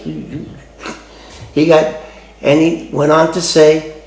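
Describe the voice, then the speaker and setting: A man from the Bronx, telling a true story from his past in a loose, halting way with many restarts. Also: fairly high pitch, steady tone, vocal fry, a little mellow. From the Bronx, New York. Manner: loose, halting retelling with restarts and street phrasing. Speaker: former FBI informant recounting a case. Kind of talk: conversational first-person storytelling. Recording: roomy echo.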